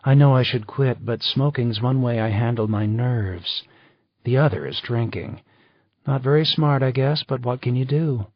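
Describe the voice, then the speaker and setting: A man's voice: mid-range voice, normal speed, no echo, voice pushed up, close to an everyday voice. A man voicing a poised, chatty female travel writer in an audiobook reading. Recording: slightly dull dry recording.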